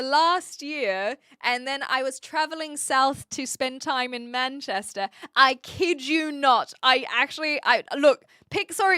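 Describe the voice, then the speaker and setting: A woman's voice: high voice, pushed and bright, dry recording, studio quality. A young woman with a New Zealand accent, chatting casually with viewers on a livestream and laughing often. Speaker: streamer. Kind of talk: casual chat reading viewer messages.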